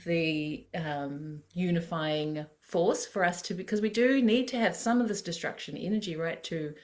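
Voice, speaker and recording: A woman hosts a podcast, her voice sitting a little low. She talks in a reflective, animated way, laughing often as she shares her own experiences. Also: moderate pace. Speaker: podcast host. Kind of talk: casual spiritual conversation.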